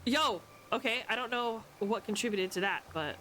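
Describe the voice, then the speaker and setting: A young adult woman streaming a video game with loud, playful, swearing commentary and frequent yells at the game. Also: on the high side, normal speed, hardly any pauses, slight background noise. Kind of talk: casual gameplay commentary.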